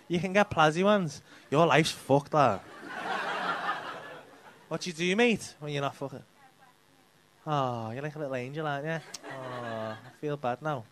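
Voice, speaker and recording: On a comedy club stage, a male stand-up comedian with a slightly high voice does crowd work, teasing audience members with sweary banter amid background noise.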